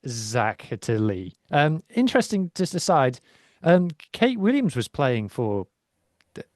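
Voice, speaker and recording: On a casual podcast, a male co-host talks about rugby at great length, enthusiastic and rambling with plenty of ums. His medium-pitched voice moves slowly with huge pitch swings, recorded in studio quality with no echo.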